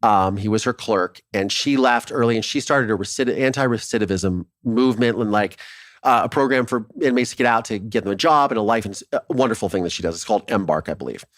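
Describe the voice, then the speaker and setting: Animated, foul-mouthed man telling a story. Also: on the low side, fast talker, no room sound, studio quality. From Ohio. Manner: animated, swears freely, acts out quoted dialogue. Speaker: documentary filmmaker guest. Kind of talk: casual storytelling interview.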